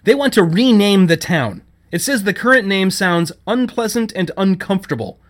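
A man's voice: fairly high pitch, sing-song, normal speed, a bit bright, pitched above the performer's own voice. A man reading a story, voicing an indignant, sarcastic young woman who works in a shop. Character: sharp-tongued young woman, fiery shop worker.

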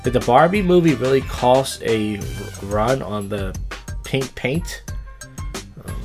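A man's voice: medium pitch, expressive, slow pace, over music. A man hosting a casual solo podcast, rambling loosely with profane, wry asides, recorded outdoors in a city on a phone. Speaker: podcast host.

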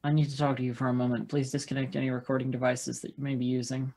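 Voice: medium pitch, little pitch movement, very fast, gravelly, a little mellow. A player putting on a stiff Russian-accented security agent. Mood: formal. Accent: put-on Russian. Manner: stiff, formal and clipped.

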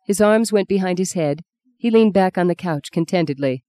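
An audiobook narrator reads a novel in a measured, even storytelling style. Her voice is fairly low, and the recording has clean studio sound with no echo.

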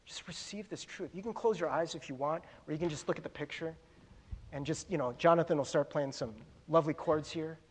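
A man's voice: fairly high pitch, a little fast, breathy edge. A middle-aged man preaching a conversational sermon as a pastor, often stumbling over repeated words. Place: church sanctuary.

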